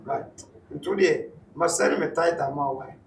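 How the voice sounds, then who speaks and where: A man, a pastor leading a prayer session. He teaches and then shouts prayer lines for the congregation to repeat. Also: a little high, unhurried, vocal fry, slight background noise. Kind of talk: sermon and call-and-response prayer. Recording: echoey church hall, distant mic.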